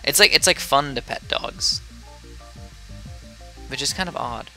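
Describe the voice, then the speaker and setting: Sleepy, rambling young man with bright voice. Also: medium pitch, a little slow, creaky, soft background music. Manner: rambling, chatty, drifts off topic. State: sleepy, yawning. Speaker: gameplay commentator. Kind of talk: casual gameplay commentary.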